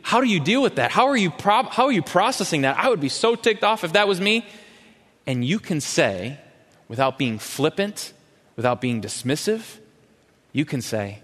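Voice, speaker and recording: A man preaching a sermon as a pastor, impassioned and questioning, swinging from loud to hushed. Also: fairly high pitch, very animated, moderate pace. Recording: long hall reverb.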